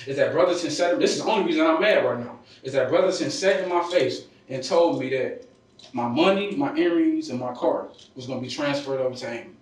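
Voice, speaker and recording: A man's voice: fairly high pitch, brisk, distant mic. A man answering police questions in an interrogation, heated and defensive, using street slang. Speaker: interrogation suspect. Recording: echoey room recorded from afar.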